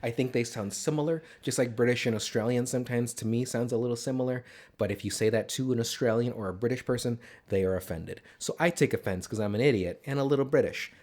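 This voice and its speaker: A man's voice: medium pitch, fast, a little mellow. A man co-hosting a casual podcast, joking, laughing often and rambling with restarts. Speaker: podcast co-host.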